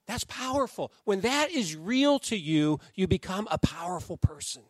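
A man preaching a sermon to his congregation, animated, acting out the voices of the people he quotes. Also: high-pitched, normal speed, dry recording, studio quality. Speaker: pastor.

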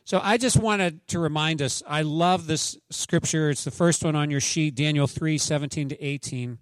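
A man's voice: on the high side, normal speed, no room sound. A male pastor giving a casual, joking sermon with anecdotes and a prayer. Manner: chatty, joking, conversational.

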